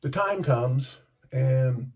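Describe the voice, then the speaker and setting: A man's voice: mid-range voice, animated, extremely slow, a little mellow, husky. A man telling a rambling story in a casual vlog, stopping to comment as he shaves. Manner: rambling, self-interrupting, chatty. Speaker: vlogger. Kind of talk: casual storytelling while shaving.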